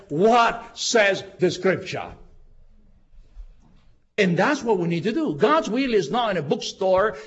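A man preaching a sermon in a husky voice that is high for a man. His delivery is emphatic and full of rhetorical questions and repeated phrases. The recording is dull and muffled, with little top end. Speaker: pastor.

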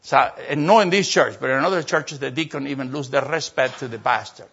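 An older man, a pastor telling a story in a sermon, animated and acting out voices. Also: medium pitch, a little fast, breathy edge. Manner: animated, acts out voices and laughter. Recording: dull lo-fi sermon recording.

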